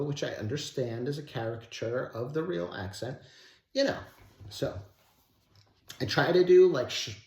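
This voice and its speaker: A man's voice: mid-range voice, darkish tone. A man hosting a daily book study, reading passages aloud and breaking off into loose, rambling asides with the odd swear word. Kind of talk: reading aloud with casual commentary. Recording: echoey room.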